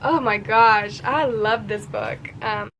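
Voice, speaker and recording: A young woman in her twenties recapping a book in a casual reading vlog, excitable and chatty, acting out the characters' lines as she goes. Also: mid-range voice, takes it slowly, muffled recording, over loud music. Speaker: book vlogger.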